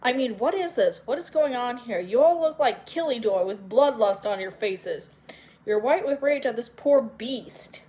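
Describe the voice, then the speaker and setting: A woman's voice: fairly high pitch, animated, measured pace. A woman voicing Elphaba, a scolding witch. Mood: furious. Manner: sharp, scolding. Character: fierce irritable green-skinned witch woman.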